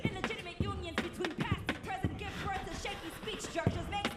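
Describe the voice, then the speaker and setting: A woman's voice: very high voice, fairly even intonation, fairly quick, recorded from a distance. A young woman with a Puerto Rican accent performing spoken word poetry on an auditorium stage, rhythmic and defiant, mixing English and Spanish. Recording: roomy auditorium with loud music.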